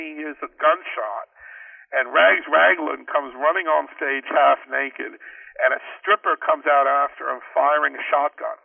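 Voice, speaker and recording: An older man, a guest in an interview, telling long rambling anecdotes with many restarts and excited asides. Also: mid-range voice, gravelly, no room sound. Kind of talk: storytelling in an interview. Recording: tinny phone line, distant from the mic.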